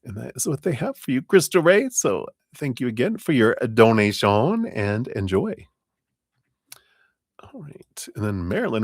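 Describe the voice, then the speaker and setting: A man's voice: mid-range voice, big pitch swings, unhurried, no room sound, clean studio sound. A man giving live tarot readings in a chatty, rambling way, often laughing between thoughts. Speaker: tarot reader.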